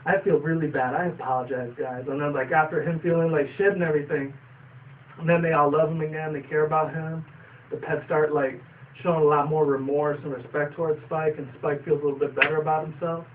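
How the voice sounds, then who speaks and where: A man's voice: fairly high pitch, level tone, a little fast. A young man casually reviewing a cartoon episode, rambling with fillers and casual swearing. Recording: distant tinny phone-like sound, faint noise.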